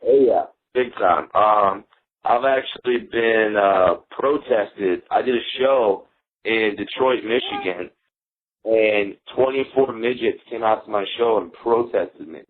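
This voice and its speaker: A man's voice: on the low side, a little slow. A man being interviewed as a guest comedian, telling jokey stories and laughing at them. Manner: joking, laughs at his own stories. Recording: tinny phone-like radio audio.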